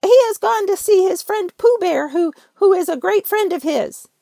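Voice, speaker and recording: A woman voicing a cautious, fussy male rabbit who talks primly and quickly. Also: extremely high pitch, lively intonation, vocal fry, dark tone, no room sound, studio quality, voice pushed up, full character voice. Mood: wary.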